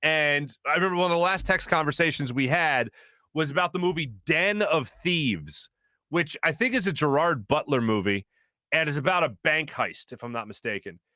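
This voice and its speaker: A man hosting a sports talk show in a studio, telling a story in a lively way and laughing as he acts out what people said. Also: on the high side, moderate pace, dry recording. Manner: animated, laughing as he acts out quotes. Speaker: host. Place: radio studio.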